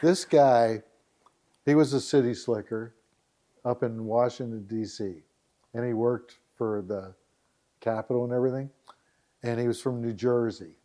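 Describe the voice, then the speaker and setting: A man's voice: medium pitch, a little slow, pauses often, warm tone. Give me a man telling chatty anecdotes on a podcast, laughing often. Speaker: podcast guest. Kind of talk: casual storytelling chat.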